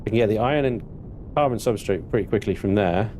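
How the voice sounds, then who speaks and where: A man's voice: lowish voice, fast, darkish tone. West country guy chatting while he plays a game, laid back, mumbly, bit of background hiss. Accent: West Country English. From West Country of England. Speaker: gaming youtuber. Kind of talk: casual gameplay commentary.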